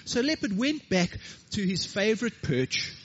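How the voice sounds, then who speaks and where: Animated preacher guy, chatty, faint room hum behind, lo-fi church recording. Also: high voice, unhurried. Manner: animated storyteller, chatty asides. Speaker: pastor. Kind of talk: sermon.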